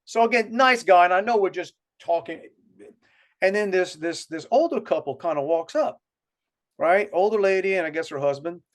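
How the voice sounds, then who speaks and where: A man's voice: high voice, normal speed. A man with a South Louisiana accent, co-hosting a podcast and telling a long, rambling story with many restarts. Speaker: podcast co-host. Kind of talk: casual storytelling chat.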